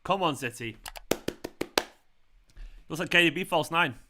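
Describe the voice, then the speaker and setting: A man chatting casually while hosting a football watchalong live stream, excitable and quick to swear. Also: a little high, background noise.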